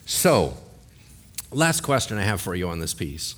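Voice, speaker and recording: A man preaching a sermon, telling a Bible story with animated acted-out voices and asking his listeners questions. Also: low voice, unhurried. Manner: animated storytelling, acts out quoted voices, asks the audience questions. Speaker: pastor.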